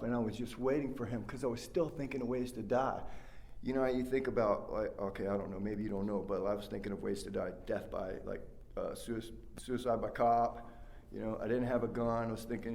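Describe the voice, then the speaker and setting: A man's voice: lowish voice, vocal fry, a little mellow. A man giving a rambling, heartfelt personal share as a speaker at a recovery workshop, full of fillers and restarts. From West Virginia.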